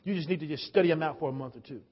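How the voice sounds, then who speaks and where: A man preaching a sermon, telling a story and calling out to the congregation, swinging between hushed and loud. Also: a little high, very fast. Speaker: pastor. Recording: dull sound with long hall reverb.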